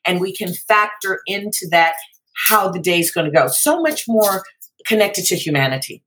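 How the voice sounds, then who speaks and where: Bright-voiced woman podcast host. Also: on the low side, expressive, slight background noise. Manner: slow, emphatic, repeats words. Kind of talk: casual conversation.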